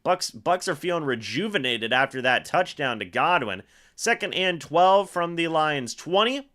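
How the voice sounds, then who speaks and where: A young man hosting a live fan watch-along, giving play-by-play and reacting excitedly, often repeating himself. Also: a little high, normal speed. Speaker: fan livestream host calling a football game.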